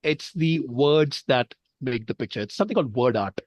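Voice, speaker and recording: A man's voice: medium pitch, expressive, normal speed, no echo. A man from India teaching public speaking in an online training session, explaining with examples and checking in with his listeners. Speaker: speech trainer.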